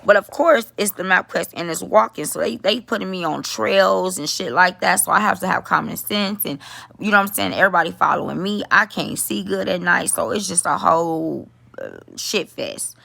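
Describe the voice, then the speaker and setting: A middle-aged woman telling a story in a casual vlog, animated, talking to her viewers and swearing freely. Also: on the low side, fairly quick, gravelly, no room sound. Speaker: vlogger.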